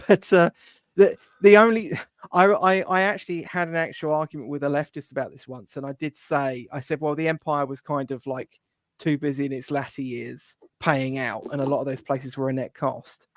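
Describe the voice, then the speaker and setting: A man's voice: on the high side, steady tone, moderate pace, no room sound. A man chatting loosely on a political talk show, with lots of fillers.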